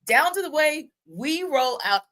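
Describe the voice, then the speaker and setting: A woman hosting a sports talk podcast, upbeat and chatty and quick to laugh. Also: sits high, expressive, fairly bright tone. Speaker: podcast host.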